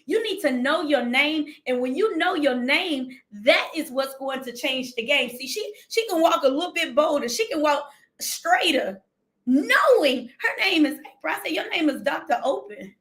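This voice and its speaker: High, bright-voiced woman preaching fervently. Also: animated. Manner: fervent, emphatic, repeats phrases, slows for scripture. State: near tears. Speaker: preacher on a livestream. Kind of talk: livestream sermon with scripture reading.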